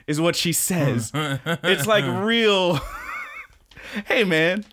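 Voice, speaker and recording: A man's voice: on the high side, expressive, slow pace, a bit bright. A young man co-hosting a podcast, recapping an anime in casual, rambling chat and laughing often. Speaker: podcast co-host.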